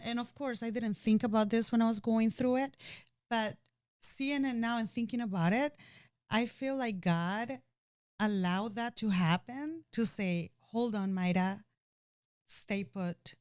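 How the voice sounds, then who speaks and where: A woman's voice: fairly high pitch, darkish tone, dry recording, studio quality. A woman speaking candidly and emotionally in a personal conversation, often restarting her sentences. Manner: emotional, earnest, with frequent restarts and "you know".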